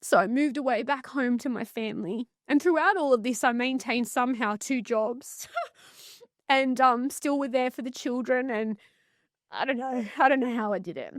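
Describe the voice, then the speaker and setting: Australian woman guest, higher voice, intense and blunt, dry close sound. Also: normal speed, no echo. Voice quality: earnest, intense, blunt with swearing. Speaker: psychotherapist guest. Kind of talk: emotional personal story in podcast conversation.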